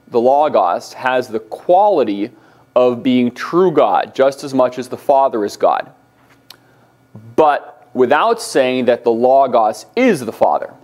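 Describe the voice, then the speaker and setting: Halting male Greek lecturer. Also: medium pitch, a little mellow. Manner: halting, many ums and restarts, slows for key terms. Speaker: Greek teacher. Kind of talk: recorded classroom lecture. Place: classroom.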